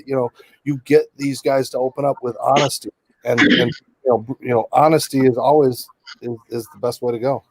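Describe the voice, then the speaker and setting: A man's voice: mid-range voice, steady tone, fairly quick, darkish tone, no room sound. A middle-aged man, a sports reporter guest, telling rambling stories in a casual interview. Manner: chatty, rambling, many asides.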